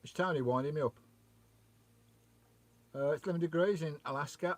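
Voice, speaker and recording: A man hosting a relaxed vanlife livestream outdoors by a lakeside. He chats on, greets viewers by name and reads out their comments. He talks into a remote microphone, steady and conversational. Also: fairly high pitch, normal speed, long pauses, no echo. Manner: chatty, greets and reads out viewers' chat messages. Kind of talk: casual live-stream chat. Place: outdoors by a loch beside his van.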